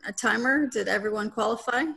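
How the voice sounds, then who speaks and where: A woman acting as general evaluator, briskly announcing speakers and votes in an online meeting. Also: a little high, steady tone, vocal fry, sharp tone, a little hiss or hum. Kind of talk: meeting chairing.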